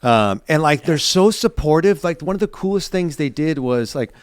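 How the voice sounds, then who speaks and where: A man co-hosting a podcast in casual chat, animated and rambling, with lots of "like". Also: a little high, moderate pace, smooth, no echo, clean studio sound. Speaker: podcast co-host.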